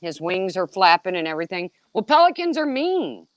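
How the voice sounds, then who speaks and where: A woman telling casual stories, swearing freely and swinging between loud exclaims and low asides. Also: sing-song, fairly quick, no room sound. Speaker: storyteller. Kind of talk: casual chat.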